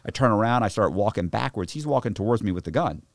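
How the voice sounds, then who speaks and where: Casting: low-voiced male guest, animated, slangy storyteller, dry studio sound. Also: quick pace, gravelly, no room sound. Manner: animated, restarts, lots of slang. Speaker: podcast guest. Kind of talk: casual storytelling.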